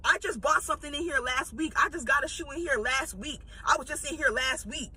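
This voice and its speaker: A woman's voice: high-pitched, fairly quick, sharp tone. Woman quoting a complaining elderly shopper. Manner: complaining, repetitive.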